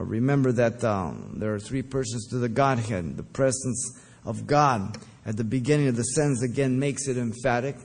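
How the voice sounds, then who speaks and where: A man preaching verse by verse, deliberate and emphatic, with occasional fillers. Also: medium pitch, darkish tone. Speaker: pastor. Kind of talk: verse-by-verse Bible teaching.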